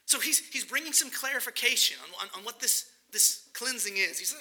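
A man preaching a sermon, explaining a scripture passage and acting out its characters with animated emphasis. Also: very high-pitched, fairly quick, hardly any pauses. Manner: animated, dramatizing the scripture with acted-out voices.

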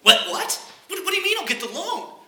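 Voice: very high-pitched, big pitch swings, brisk, bright, forceful tone, roomy sound, voice pushed up, full character voice. A preacher voicing a flustered bank customer who keeps insisting in pleading disbelief. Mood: incredulous.

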